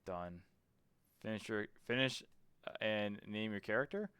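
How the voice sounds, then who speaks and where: A man's voice: on the low side, a little slow, fairly bright tone, slight background noise. A man streaming a game, thinking aloud, swearing casually and reading menu text as he goes. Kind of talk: casual let's-play commentary.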